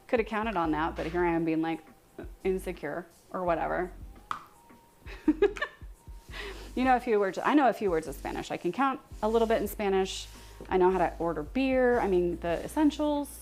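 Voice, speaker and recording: A woman's voice: medium pitch, a little mellow. Chatty woman streaming from her kitchen. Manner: chatty and self-deprecating, laughs often. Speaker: livestream cooking host. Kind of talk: casual chat with live viewers while cooking. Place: home kitchen.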